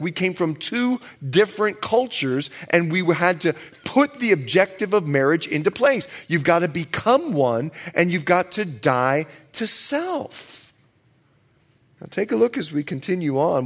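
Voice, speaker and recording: A middle-aged male pastor preaching a sermon with humorous stories, acting out bits of dialogue. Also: sits high.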